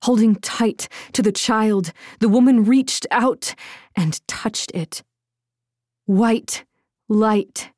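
A woman narrating a fantasy audiobook in a measured, dramatic reading. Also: fairly high pitch, a little mellow, no echo, clean studio sound. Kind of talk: scripted narration.

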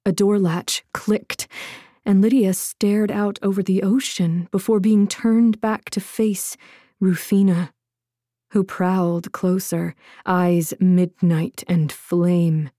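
Slow dramatic woman narrator. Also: mid-range voice, fairly even intonation, warm tone, no echo, studio quality. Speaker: audiobook narrator. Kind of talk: scripted narration.

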